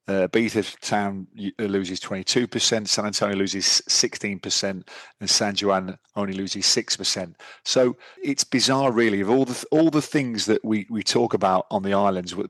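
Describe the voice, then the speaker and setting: A man's voice: fairly low pitch, a bit bright, dry recording. A middle-aged man co-hosting a podcast, chatting casually and rambling with restarts. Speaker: podcast co-host. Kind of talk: casual chat.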